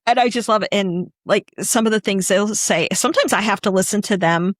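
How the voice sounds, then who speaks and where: A woman's voice: mid-range voice, a little fast, no room sound. Chatty woman, dry close sound. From Northwestern Pennsylvania. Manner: rambling, chatty, full of restarts. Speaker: podcast co-host. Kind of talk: casual chat.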